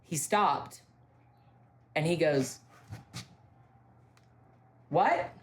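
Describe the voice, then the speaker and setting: A woman from a ranch telling ghost stories in casual talk, emphatic, with halting restarts and key phrases repeated. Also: deep voice. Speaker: ranch staff member interviewed about ghost stories. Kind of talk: casual spoken storytelling.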